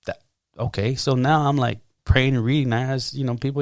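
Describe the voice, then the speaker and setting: Guest: gravelly man, mid pitch, dry close sound, animated testimony. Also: brisk, no echo. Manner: animated, acts out his own quotes loudly. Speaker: podcast guest. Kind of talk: casual testimony.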